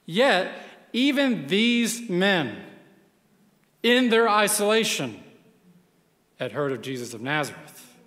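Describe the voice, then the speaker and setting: Man, pastor, sermon, slightly high voice, long hall reverb. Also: fairly bright tone. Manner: dramatic preaching, voicing the people in the story.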